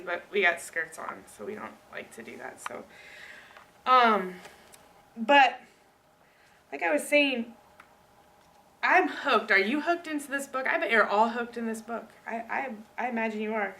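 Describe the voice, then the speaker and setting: Chatty woman giving a bright book talk. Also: on the high side, recorded from a distance, a little hiss or hum. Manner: chatty, animated, addresses listeners directly. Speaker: student presenter. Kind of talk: casual book talk presentation.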